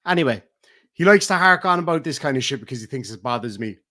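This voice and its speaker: A middle-aged Irish man ranting on a livestream, profane and taunting, swinging between loud outbursts and low mutters. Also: animated, quick pace. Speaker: streamer. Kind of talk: heated livestream rant.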